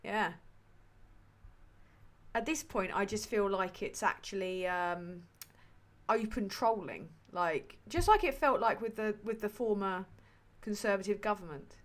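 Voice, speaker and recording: A woman hosts a casual political livestream, her voice sitting at a middling pitch. She talks in a sweary, rambling way full of ums and sardonic asides, as if chatting with regulars. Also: animated, unhurried. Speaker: livestream host.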